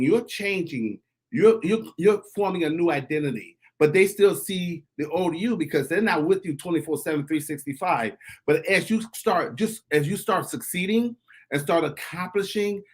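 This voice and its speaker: A man speaking as a guest on an online panel, excited and repeating words as he starts his thoughts. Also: on the high side. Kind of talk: casual panel chat.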